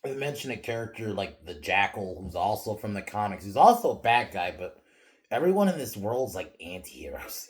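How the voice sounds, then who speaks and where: A man hosting a podcast, giving a casual film review that is animated and full of swearing, laughter, restarts and fillers. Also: on the low side. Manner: animated, profane, laughing often, many restarts and "like"s.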